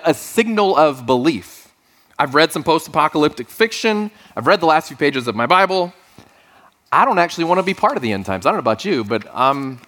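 A man's voice: a little high, a bit bright. A man preaching a sermon as pastor of his church, talking conversationally with dry, self-deprecating asides.

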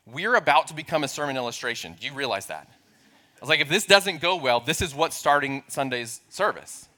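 Bright-voiced pastor telling a funny story. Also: male voice, mid-range voice, animated, fairly quick. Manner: humorous, self-deprecating storytelling. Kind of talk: sermon storytelling.

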